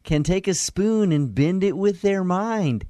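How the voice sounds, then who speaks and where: A man's voice: high-pitched, animated, unhurried, dark tone, dry recording, studio quality, pitched above the performer's own voice. A man voicing a goofy male party magician in a silly clownish put-on voice.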